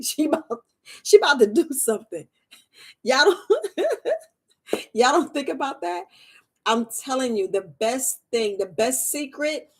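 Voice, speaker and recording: Woman herbalist on a live, kinda high voice, laughs a lot, keeps repeating stuff. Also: breathy edge. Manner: chatty, laughs often, repeats phrases. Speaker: herbalist hosting a live stream. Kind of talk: casual live-stream talk to viewers.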